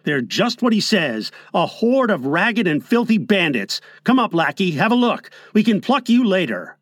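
A man's voice: high-pitched, very animated, moderate pace, fairly bright tone, no echo, studio quality, full character voice. A man voicing a stubborn young prospector in a multi-voice audiobook reading, blunt and grudging.

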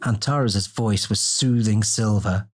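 Male audiobook narrator, steady. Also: lowish voice, slow pace. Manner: steady, descriptive storytelling. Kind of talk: scripted fantasy narration.

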